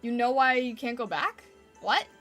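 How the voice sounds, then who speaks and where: A woman's voice: a little high, animated, normal speed, pushed and bright. A woman streamer chatting casually with her viewers, playful and giggly as she reacts to their messages. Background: faint background music.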